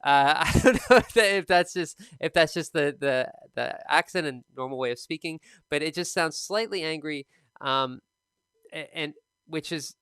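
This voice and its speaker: A man teaching TOEFL speaking on a live stream, explaining in a relaxed, conversational way. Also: fairly high pitch, moderate pace, clean tone, dry recording, studio quality.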